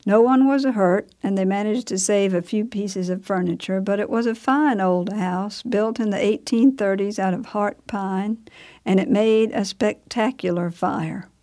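A woman narrating a story in a measured, unhurried way. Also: medium pitch, mellow.

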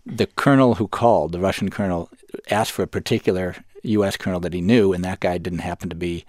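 A man's voice: deep voice, quick pace, a little mellow, dry recording, clean studio sound. A man, a newspaper reporter, explaining events in a radio interview and often correcting himself mid-sentence. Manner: explanatory, with frequent self-corrections.

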